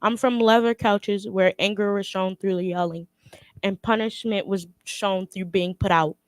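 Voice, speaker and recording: A young woman reading her own spoken word poem in a casual, slightly halting way. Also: mid-range voice, steady tone, no echo. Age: young adult.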